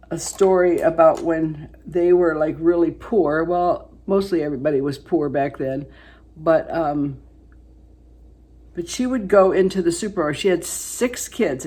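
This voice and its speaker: A woman in her seventies chatting casually through a makeup tutorial, rambling into family stories and then going soft when she works on her eyes. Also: lowish voice, breathy edge. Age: 70s. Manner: chatty storyteller, rambling with fillers, dropping to soft asides while applying makeup. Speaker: beauty vlogger.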